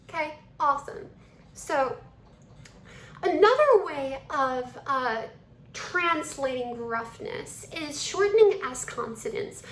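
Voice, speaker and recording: High-voiced woman teaching voice, echoey room. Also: sing-song, takes it slowly, long pauses, fairly bright tone. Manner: switches between her own and a demonstrated male voice. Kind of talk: voice lesson demonstrating techniques.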